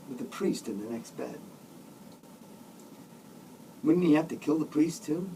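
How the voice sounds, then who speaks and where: A man's voice: medium pitch, big pitch swings, normal speed, pauses often, mellow, recorded from a distance, slight background noise, low-quality recording. Sardonic man reading his comic novel. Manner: sardonic, grumbling, with mock outbursts.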